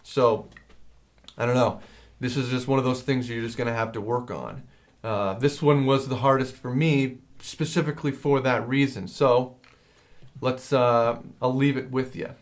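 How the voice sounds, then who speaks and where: A man teaching a drum lesson in a casual, rambling way, hesitating and filling pauses as he explains. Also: mid-range voice, fairly even intonation. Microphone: handheld field recorder.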